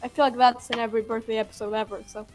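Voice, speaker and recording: A woman's voice: on the high side, little pitch movement, very fast, a little mellow, soft background music. A woman playing a tabletop game, speaking in a playful, tentative way. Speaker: player. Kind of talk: casual tabletop play.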